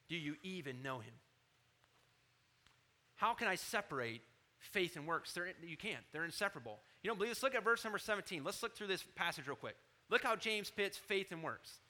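A man in his thirties preaching a sermon as pastor, animated, rising loud on scripture quotes and dropping low to confide.

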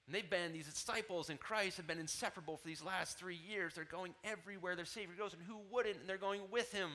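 Bright, emphatic preaching man. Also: sits high, fast, hardly any pauses. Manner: emphatic preaching that drops to soft, tender asides. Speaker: pastor. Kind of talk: sermon.

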